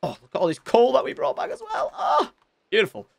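Thinking aloud with a pitch that leaps up and down, this young gaming host gives brisk, creaky-voiced Let's Play narration. He addresses his viewers directly in a chatty, excitable way.

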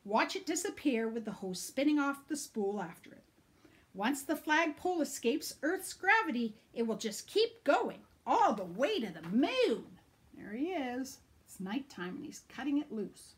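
A woman reading a picture book aloud, narrating with animation, pointing out pictures and sometimes dropping to a whisper. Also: a little high. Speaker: reader.

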